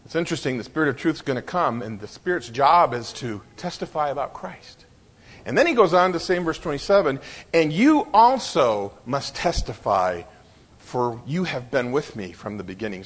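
Male pastor, high husky voice, preaching verse by verse with dramatic pauses. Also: long reverb tail. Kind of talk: sermon.

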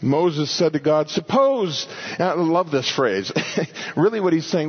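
Man, sermon, Bible teaching, husky voice, swings from loud to hushed, muffled low-fi sound. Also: a little slow. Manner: explains verses, paraphrases scripture in lively voices, shifts between loud and quiet. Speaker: pastor teaching a Bible study.

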